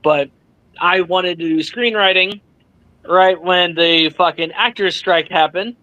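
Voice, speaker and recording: A man being interviewed as an author, telling a story with lively energy, swearing freely and acting out what others said. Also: sits high, measured pace, no echo, muffled recording. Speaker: author guest. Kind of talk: animated storytelling in casual chat.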